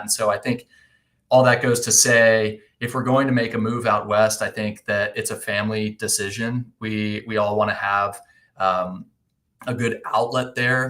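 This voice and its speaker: A man's voice: on the low side, a bit bright. A man as a podcast guest in casual chat, earnest and thoughtful, often restarting his sentences.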